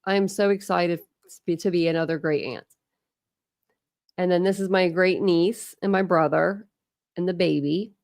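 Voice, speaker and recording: A woman's voice: on the low side, steady tone, normal speed, darkish tone, no room sound, clean studio sound. A middle-aged woman chatting casually on a livestream, gushing and rambling as she shows family photos.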